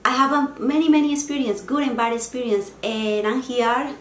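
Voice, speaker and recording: A woman's voice: a little high, moderate pace, echoey room. A woman in her forties with a Spanish accent, talking earnestly and heartfelt in a self-help vlog. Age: 40s. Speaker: vlogger.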